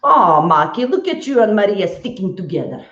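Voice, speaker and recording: A woman's voice: medium pitch, sing-song, normal speed. A woman teaching a live online dance class, counting steps in a rhythmic, chatty way while dancing and sweating. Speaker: dance instructor. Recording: roomy, distant, dull live stream.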